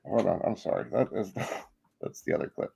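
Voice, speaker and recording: A man's voice: sits low, lively intonation, normal speed, gravelly, mellow, husky, dry recording. A man co-hosting a casual live-stream podcast, talking in a rambling way with lots of fillers and apologies. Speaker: podcast co-host.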